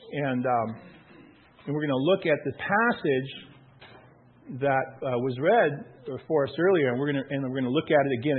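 A man preaching a sermon in a conversational, storytelling way, full of restarts, then reading scripture slowly and deliberately. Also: a little high, husky. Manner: conversational storytelling with many restarts and acted quotes. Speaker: pastor. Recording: tinny phone-like sound.

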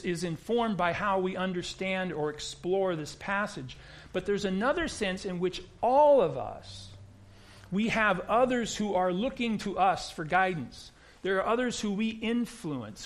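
Male pastor with an American accent and a high, light voice; talks through his sermon plainly and often repeats himself at the start of a phrase. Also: fairly bright tone. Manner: conversational, repeats words when starting sentences.

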